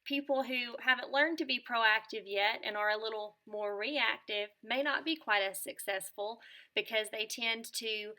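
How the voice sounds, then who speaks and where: A woman teacher presenting a scripted lesson to children in a clear, upbeat and encouraging tone. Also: a little high, normal speed, sharp tone. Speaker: teacher presenting a school morning show lesson.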